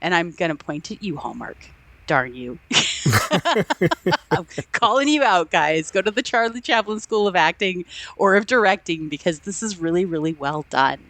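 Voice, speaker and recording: A woman's voice: fairly low pitch, lively intonation, moderate pace, a bit bright, no echo. A woman co-hosting a podcast, enthusiastically retelling film scenes with acted-out quotes and frequent laughter. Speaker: podcast co-host. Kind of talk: casual film discussion.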